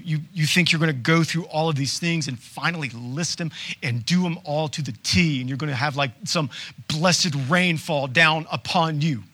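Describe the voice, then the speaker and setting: A male pastor delivering a sermon with a bright, forceful voice pitched somewhat high for a man. He preaches conversationally, asking rhetorical questions and dropping quick asides.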